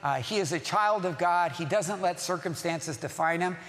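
Pastor, male, high voice, emphatic sermon delivery, long hall echo. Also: moderate pace, a bit bright. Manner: emphatic, repeats key phrases, asks the congregation questions.

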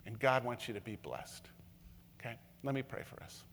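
Earnest pastor preaching in a reverberant hall. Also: male voice, mid-range voice, expressive, moderate pace, vocal fry, slight background noise. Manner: earnest, repetitive, swings from loud emphasis to soft intimacy. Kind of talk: sermon. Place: church room with long reverb.

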